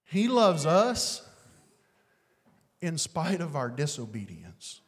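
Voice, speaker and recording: Man preaching slow, big swings loud to hushed, long echo off a big church hall. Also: a little high, wildly swooping pitch, breathy edge. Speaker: pastor. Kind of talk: sermon.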